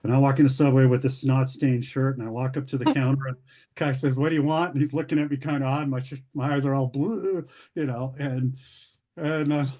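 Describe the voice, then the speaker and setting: Mellow-voiced man telling a personal story. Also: mid-range voice, fairly even intonation, brisk. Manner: candid storytelling, acts out quoted voices, occasional laughs. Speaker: ministry founder sharing his story. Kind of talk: personal testimony.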